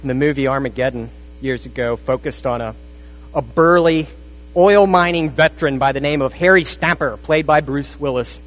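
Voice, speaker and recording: A pastor preaching a sermon, shifting between rising emphasis and a hushed, intense delivery. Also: male voice, mid-range voice, moderate pace, low-quality recording. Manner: dramatic, drops to a hushed intensity.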